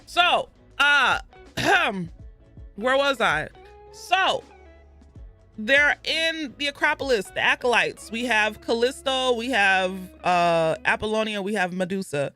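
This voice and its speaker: Book-club vlogger, chatty and rambling, bright tone, faint music underneath. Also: medium pitch, expressive, slow. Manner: chatty and rambling, with self-corrections and asides. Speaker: book club video host. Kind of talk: casual book recap.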